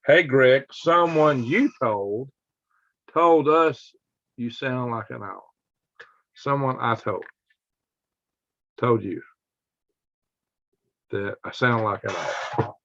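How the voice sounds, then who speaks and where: A man's voice: medium pitch, slow, pauses often, fairly bright tone, dry recording. A man, hosting a casual live stream and chatting with viewers, rambling through stories with sound effects and chuckles. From Alabama, US. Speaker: livestream host. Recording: dry, dull lo-fi home stream audio.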